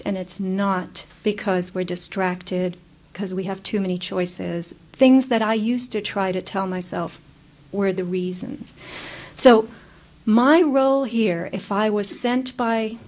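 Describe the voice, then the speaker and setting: Woman, guest speaker, public Q&A, earnest, animated storytelling, mid-range pitch. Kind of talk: public talk and audience Q&A.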